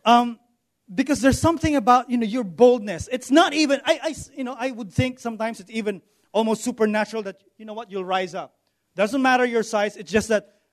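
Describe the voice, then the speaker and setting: A middle-aged Filipino pastor with a noticeably high voice preaches in a loose, conversational style. He repeats himself mid-sentence and keeps checking in with his listeners with a quick "okay?". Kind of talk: sermon with personal stories.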